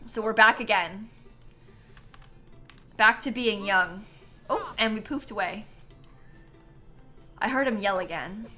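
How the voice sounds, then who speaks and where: A woman's voice: mid-range voice, takes it slowly, pauses often, sharp tone, soft background music. A young woman streamer chatting casually while playing a game, tired and yawning, with lots of ums and likes and frequent laughs. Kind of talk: casual live-stream gameplay chat.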